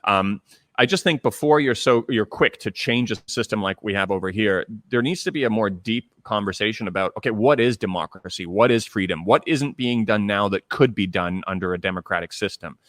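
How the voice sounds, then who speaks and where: A man's voice: fairly low pitch, fairly quick, a bit bright, dry recording, clean studio sound. A man raised in Canada hosting a conversational interview, thoughtful and full of fillers and restarts. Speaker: interviewer, channel host.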